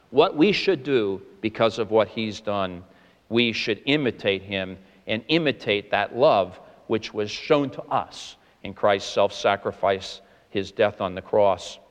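A man preaching a sermon, earnest and emphatic, with stressed words that rise in pitch. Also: big-room sound. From Boston. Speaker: pastor.

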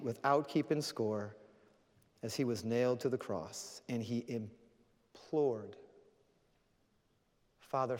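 Earnest male preacher in a reverberant hall. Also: medium pitch. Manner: storytelling, earnest, then prayerful. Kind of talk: sermon.

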